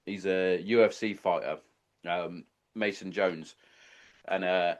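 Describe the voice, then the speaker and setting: A man's voice: low voice, steady tone, slow. A man hosting a podcast, chatting casually and telling long rambling anecdotes full of swearing. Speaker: podcast host. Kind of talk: casual chat.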